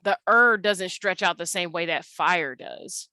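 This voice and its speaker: A woman's voice: on the low side, a little slow, sharp tone, no room sound. A young woman teaching an English lesson over slides, explaining casually and saying words aloud to show their rhythm. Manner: conversational, with fillers.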